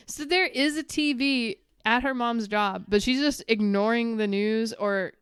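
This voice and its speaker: Young woman podcast co-host: very clean, smooth voice, dry close sound, casual and profane. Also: on the high side, a little slow, no echo. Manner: loose, swears often, laughs a lot. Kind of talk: casual movie recap chat.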